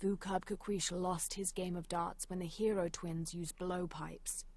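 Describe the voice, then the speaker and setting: An actress voicing a female adventurer in a video game, reading old journal entries aloud in a measured, serious way. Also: on the low side, fairly even intonation, darkish tone, a little hiss or hum. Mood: informative.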